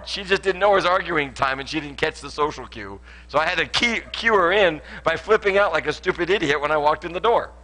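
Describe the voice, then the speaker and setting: A man preaching a sermon at a church service, animated and joking as he tells stories. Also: on the high side. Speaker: pastor.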